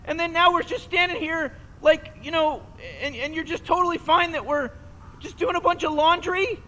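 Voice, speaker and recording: A man's voice: very high voice, steady tone, normal speed, bright, forceful tone. A man voicing an anxious, stuttering teenage boy sidekick in a video game, repeating words as he protests. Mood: exasperated. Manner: stammering, repeats words, exasperated. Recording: game audio with long reverb and faint noise.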